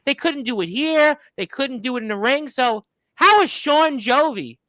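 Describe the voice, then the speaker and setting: A man's voice: very high-pitched, expressive, moderate pace, pushed and bright, dry recording, poor audio. A man hosting a wrestling talk show, rambling in a folksy way and often repeating his words. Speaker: radio show host.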